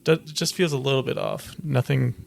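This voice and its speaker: Gravelly, hesitant male co-host. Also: mid-range voice, fairly even intonation, normal speed, darkish tone. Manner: hesitant, repeats words. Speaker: podcast co-host. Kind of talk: casual podcast chat.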